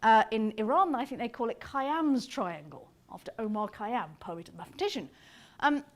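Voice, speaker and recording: A woman giving an animated, explanatory public lecture, sometimes tapping out rhythms aloud. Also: a little high, normal speed. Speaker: conference speaker.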